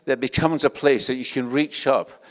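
A man's voice: medium pitch, fairly even intonation, normal speed. Older scottish guy giving a sermon, chatty, keeps restarting, big echoey hall. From Scotland. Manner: conversational, self-deprecating, with frequent restarts. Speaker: preacher.

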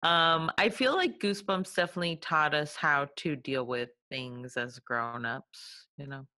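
A woman's voice: low-pitched, measured pace, sharp tone. A woman co-hosting a casual chat, giggly and riffing on silly story ideas. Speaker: podcast co-host.

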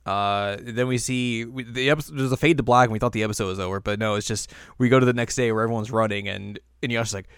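A man's voice: mid-range voice, steady tone, fast, hardly any pauses, smooth, dry recording, clean studio sound. A man co-hosting a casual episode recap, retelling scenes animatedly and laughing often. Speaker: co-host.

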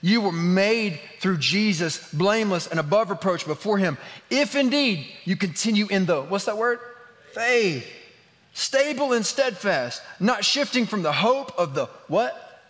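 A man's voice: sits high, lively intonation, a little slow, fairly bright tone, long reverb tail. A man preaching a sermon as a pastor, telling a funny story with lots of laughter and filler words. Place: church.

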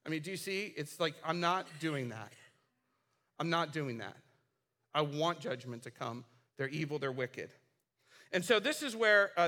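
A man's voice: on the high side, pushed and bright. A man in his forties preaching a sermon, telling a story casually with fillers and acting out the characters' lines. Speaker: pastor.

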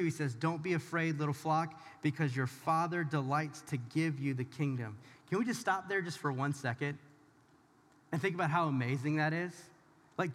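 Male pastor, higher-pitched voice, informal and emphatic sermon, long hall reverb. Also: fairly bright tone. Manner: talks straight to the audience, informal and emphatic. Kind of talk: conversational sermon.

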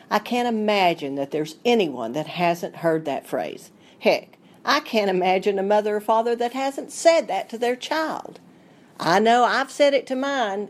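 A middle-aged woman with a Southern Appalachian accent, a food writer presenting a recipe in a chatty, homespun, playful way. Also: medium pitch. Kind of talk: scripted radio segment.

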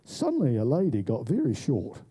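Nz guy preaching, tells a story and does all the voices, pitch jumps all over, really mellow dark tone. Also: brisk, breathy edge. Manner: animated storyteller who acts out voices. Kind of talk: sermon storytelling.

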